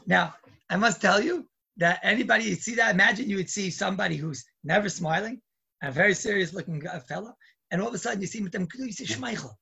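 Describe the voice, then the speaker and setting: A man telling stories to children in a lively, chatty, digressive way. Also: high-pitched, quick pace, vocal fry, husky. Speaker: storyteller. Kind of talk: casual storytelling to children.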